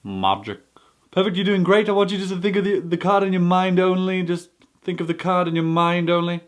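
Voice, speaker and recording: A man impersonating a soft-spoken male magician who repeats gentle instructions during a mind-reading trick. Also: high-pitched, brisk, lightly acted.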